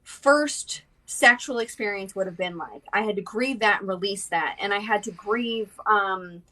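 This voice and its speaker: A woman's voice: mid-range voice, unhurried, sharp tone, distant mic, rough recording. A woman speaking bluntly and emotionally in a candid personal conversation, often restarting and swearing.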